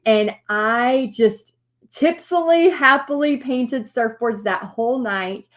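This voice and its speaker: A woman telling a personal story to an audience in a lively way, acting out what people said. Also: fairly high pitch, takes it slowly. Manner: animated storytelling with acted-out quotes. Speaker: paint party business teacher.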